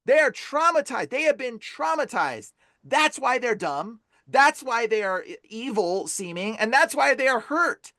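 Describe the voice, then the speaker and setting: A man guesting on a podcast as an exorcist, telling stories in a casual, animated way and saying "bro" constantly. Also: extremely high pitch, unhurried, no room sound, studio quality.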